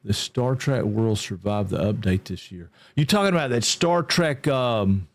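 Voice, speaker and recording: This is a middle-aged man hosting a relaxed game livestream. He rambles in an easygoing way. He greets his viewers by name as he chats. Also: lowish voice, a little slow. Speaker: game streamer. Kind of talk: casual livestream chat.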